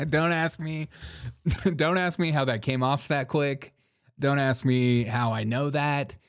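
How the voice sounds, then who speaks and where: A man hosting a live commentary show, talking casually in a mocking way, laughing often and saying "dude". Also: medium pitch. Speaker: host.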